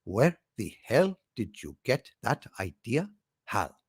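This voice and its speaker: A man doing a curt, gravelly astronaut. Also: mid-range voice, very animated, takes it slowly, no echo, clean studio sound, pitched below the performer's own voice, exaggerated voice. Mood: stern. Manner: curt, demanding. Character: stern male astronaut talking to his ship. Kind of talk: comedy sketch.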